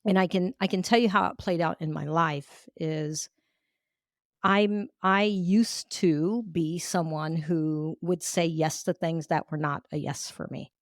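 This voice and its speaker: As a podcast guest, a coach of Cuban heritage tells personal stories in an interview, speaking a little slowly in a lowish voice recorded close and dry. She's animated, acting out what she used to think as she talks.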